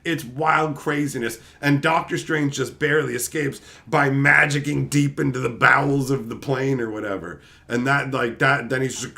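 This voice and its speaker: A man hosting his own channel, casually retelling a comic story in a rambling, profane, animated way. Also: mid-range voice, normal speed, vocal fry, few pauses. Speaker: channel host.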